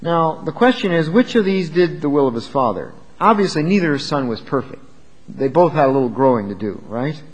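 A man's voice: fairly high pitch, animated, a little fast, long reverb tail, poor audio. A man preaching a sermon in an emphatic, conversational way, asking his listeners questions as he explains a Bible passage.

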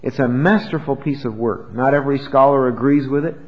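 An older man preaching a sermon as pastor, expressive and rising to loud, emphatic peaks. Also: medium pitch, a little fast. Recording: dull lo-fi church recording with long reverb.

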